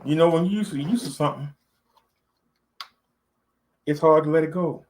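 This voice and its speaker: A man's voice: fairly high pitch, normal speed, a little mellow, slight background noise, poor audio. A man, talking to camera in a loose, rambling vlog, full of fillers and repeats. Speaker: vlogger. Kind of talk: casual talk to camera.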